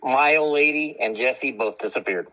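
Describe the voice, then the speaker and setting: A man hosting a radio show, telling a story in casual chat. He is animated and profane and acts out both sides of an argument in raised voices. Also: medium pitch, normal speed, highs cut off.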